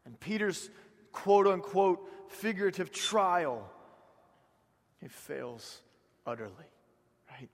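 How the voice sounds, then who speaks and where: A Southern man preaching a sermon, his slightly high voice carrying a gravelly edge. He drops to near hushed lines, then climbs loud and high, repeating words for weight, with a long reverb trailing behind him in a big hall. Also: expressive, slow, long pauses. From South Georgia, US. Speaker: pastor.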